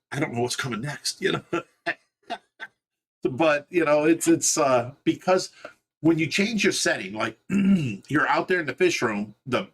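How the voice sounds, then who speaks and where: A man's voice: a little high, fairly bright tone. A man with a Midwestern American accent, co-hosting a fish rescue stream from home, chatting casually and rambling with restarts. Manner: rambling, restarts, laughs at himself. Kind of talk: casual livestream chat. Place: indoors at home.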